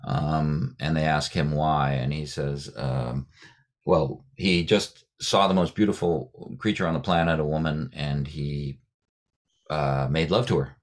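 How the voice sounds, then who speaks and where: A man, a poet and writing teacher, leading a workshop on a video call, speaking thoughtfully with many fillers and restarts and demonstrating sounds slowly. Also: extremely low pitch, fairly even intonation. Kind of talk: guest talk leading a workshop.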